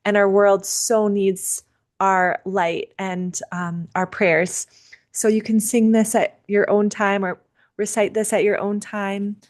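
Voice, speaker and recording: Gentle woman closing a video-call gathering. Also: mid-range voice, flat delivery. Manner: gentle, unhurried, with frequent fillers and restarts. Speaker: seder leader and teacher. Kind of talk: casual talk closing a virtual gathering.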